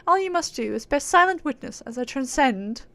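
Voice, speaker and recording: A proud, otherworldly female spirit from a fantasy game, talking down to mere mortals in a put-on British accent, played by a woman reading her lines. Her manner is lofty and theatrical. The tone sits a little high with a gravelly fry underneath. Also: animated, normal speed, bright, forceful tone, no echo, full character voice. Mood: grandiose. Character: haughty divine female spirit, aloof and grandiose.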